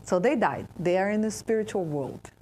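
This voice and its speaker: A woman with a Brazilian Portuguese accent giving an interactive spiritual talk to an audience. She pauses and restarts often while searching for words. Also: mid-range voice, expressive, dark tone, slight background noise. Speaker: speaker at a spiritist center.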